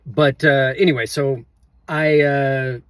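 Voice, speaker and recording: A middle-aged man telling a personal story in a chatty, animated way and asking viewers to judge him. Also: mid-range voice, slow, clean tone, dry recording. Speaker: vlogger. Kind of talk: casual storytelling to camera.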